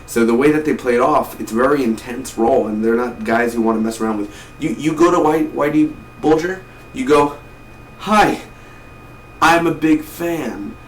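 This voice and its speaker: A man reviews a film casually, rambling and enthusiastic, with an ordinary mid-range pitch. He sits some distance from the mic in a roomy space. Faint noise hums underneath. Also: a little fast. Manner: rambling, repeats words, enthusiastic. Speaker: movie reviewer.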